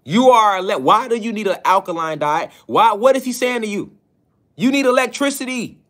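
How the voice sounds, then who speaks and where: A man delivers a preaching-style spiritual lecture, driving his points home with repeated phrases and rhetorical questions. His voice sits high with lively intonation and a fairly bright tone, and he speaks at a normal speed, leaning on repetition of key phrases for emphasis.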